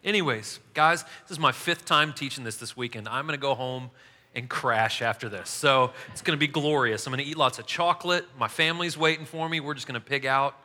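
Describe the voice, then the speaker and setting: A man's voice: mid-range voice, a little fast, bright, forceful tone. A man in his thirties preaching a casual sermon, telling funny family stories and laughing at himself. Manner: chatty, self-mocking, laughs at his own stories. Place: large church hall. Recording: hall reverb.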